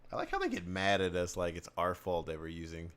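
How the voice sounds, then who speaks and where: A man's voice: low-pitched, wildly swooping pitch, a little fast, crowd noise. An American man hosting a stream, chatting casually, joking and laughing often. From United States. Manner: laughing, joking, acts out silly voices. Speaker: streamer host.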